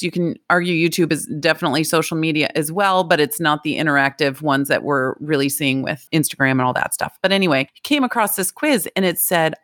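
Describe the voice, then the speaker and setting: A woman's voice: on the low side, fairly bright tone, dry recording. Explanatory woman guest, dry close sound. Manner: storytelling, explanatory, acts out quoted voices. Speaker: guest expert on self-esteem. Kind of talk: conversational interview.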